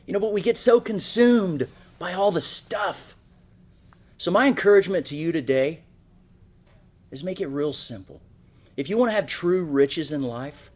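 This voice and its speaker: A man's voice: fairly high pitch, lively intonation, normal speed, slightly rough. A man giving a motivational keynote, telling a story and often asking "right?". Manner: storytelling, asks frequent "right?". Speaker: motivational speaker. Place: speaking on stage at an event.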